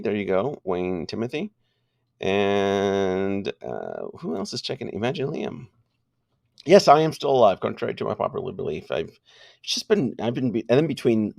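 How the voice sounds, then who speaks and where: A man's voice: fairly low pitch, no echo, clean studio sound. A man hosting a casual live stream, greeting viewers one by one and joking loosely, with many fillers and restarts. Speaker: livestream host greeting viewers.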